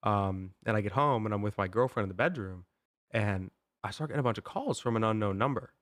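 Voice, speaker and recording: A young man with a low voice tells a story on a podcast, rambling, with "like" and "um" in nearly every sentence. The sound is close and dry, with no room sound. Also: a little fast, fairly bright tone, no echo. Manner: rambling, full of "like" and "um" fillers. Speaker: podcast host. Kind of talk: casual storytelling.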